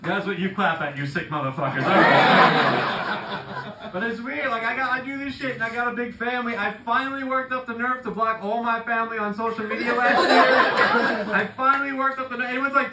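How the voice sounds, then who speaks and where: A man's voice: sits high, background noise. A man, telling profane, rambling stories in a stand-up comedy set. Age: 30s. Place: comedy club. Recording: roomy, distant mic with loud audience laughter.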